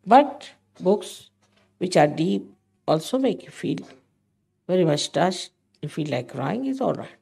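A woman's voice: lowish voice, very animated, slow pace, creaky, mellow, slightly rough. An older woman giving a spiritual talk to her followers, emphatic and motherly, often scolding. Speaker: spiritual teacher.

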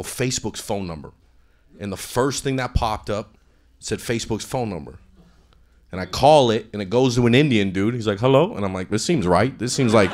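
Man telling a stand-up story on stage. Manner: swings between loud acted-out quotes and low mumbled asides. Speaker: stand-up comedian. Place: comedy club stage.

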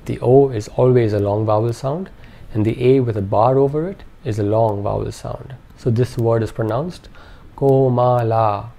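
A man's voice: mid-range voice, normal speed, creaky, dark tone. A man narrating a scripted language lesson, carefully enunciating each syllable and repeating words for practice. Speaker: language teacher.

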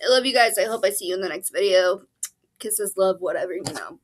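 A woman's voice: medium pitch, fairly quick. A woman chatting casually about her reading, sick and interrupting herself with coughs and sneezes. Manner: chatty, apologetic, with fillers. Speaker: book vlogger. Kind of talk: casual chat.

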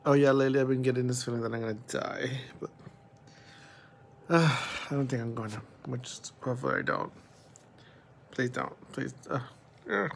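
A man's voice: medium pitch, fairly even intonation, moderate pace, creaky, long pauses, slight background noise. A young man vlogging at home, chatting casually and rambling about his day and his cat. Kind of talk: casual chat to camera. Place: at home, pet cat nearby.

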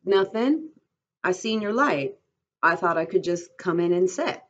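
A woman reading a novel aloud to a class, voicing a big, gentle, simple-minded farmhand who speaks meekly and repeats himself, on a dull lo-fi recording. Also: sits high, animated, unhurried, heavily acted. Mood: meek, pleading. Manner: meek, pleading, repetitive.

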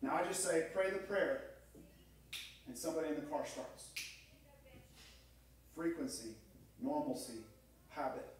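A man's voice: a little high, moderate pace, long pauses, slight background noise. A middle-aged man preaching a sermon as pastor, telling stories and acting out quoted voices. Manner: storytelling, acts out quoted voices. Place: church sanctuary. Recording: echoey room, mic far off.

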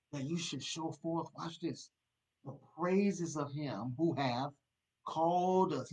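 A man preaching at a church Bible study in an animated, call-and-response style. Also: mid-range voice, low-quality recording. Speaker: pastor.

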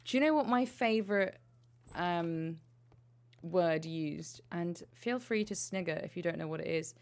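A woman streams a video game, chatting playfully and swearing freely as she plays. Her voice sits a bit low for a woman. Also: unhurried, darkish tone. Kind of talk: casual gameplay commentary.

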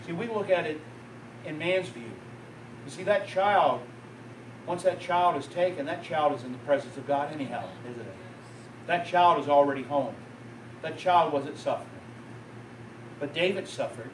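A man preaching in a church, his voice pitched high for a man. He tells the story at a storyteller's pace, building up and then dropping low. The recording catches him from a distance, with the sound ringing around the room and faint ambience behind. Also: normal speed, long pauses, reverberant, slight background noise. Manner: storytelling preacher, rising and falling in intensity. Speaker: pastor. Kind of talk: sermon. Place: church sanctuary.

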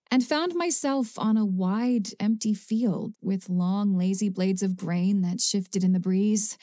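Woman reading a fantasy audiobook, warm mellow tone, dead dry booth sound. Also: mid-range voice, no room sound. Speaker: audiobook narrator. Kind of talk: first-person audiobook narration.

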